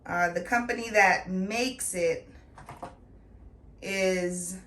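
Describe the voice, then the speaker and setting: Middle-aged woman vlogger, playful and punchy, bright tone, roomy sound. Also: on the low side, extremely slow, distant mic. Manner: chatty, playful and emphatic. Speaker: beauty vlogger. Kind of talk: casual product review. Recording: echoey room, voice off-mic.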